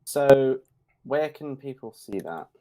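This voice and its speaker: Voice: medium pitch, expressive, slow pace, warm tone. A co-host chatting casually on a stream, encouraging and reassuring with a playful streak.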